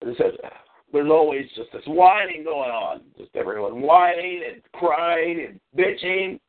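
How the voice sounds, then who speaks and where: A man hosting a call-in show delivers a brash, boastful, profane solo monologue. His voice is a little high and unhurried, and the audio sounds phone-like and lo-fi.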